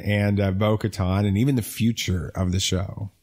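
A middle-aged man hosts a casual podcast with upbeat, teasing energy. His voice sits slightly low. He steers the chat between topics. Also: fairly even intonation, moderate pace. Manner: upbeat, teasing, guides the talk. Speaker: podcast host.

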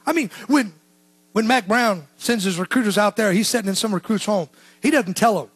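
A man preaching a sermon as pastor, swinging between shouted lines and hushed, low asides. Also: a little fast, slightly rough, no echo.

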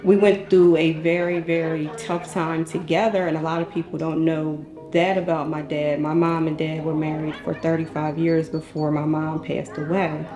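A woman's voice: sits low, flat delivery, moderate pace, hardly any pauses, roomy sound, over music. A woman in her thirties giving a casual, earnest documentary interview, often saying "like". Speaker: interviewee, youngest daughter.

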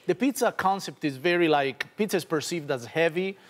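A man's voice: a little high, brisk. A man with an Italian accent, a guest chef talking casually while demonstrating on a TV studio stage, playful and charming. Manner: playful and charming, self-mocking. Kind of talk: casual chat and cooking demonstration.

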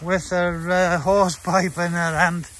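A man's voice: high-pitched, level tone, slow pace, a bit bright, a little hiss or hum. A man chatting bluntly while walking his dogs outdoors on a rural property. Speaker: dog breeder. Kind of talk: casual walking vlog.

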